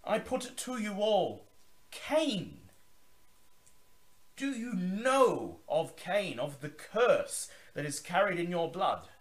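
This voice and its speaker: A man's voice: sits high, sing-song, slow pace, voice pushed up, full character voice. A man voicing a grandiose, zealous male vampire elder who declaims to a gathering. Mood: proclaiming. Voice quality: theatrical, declaiming.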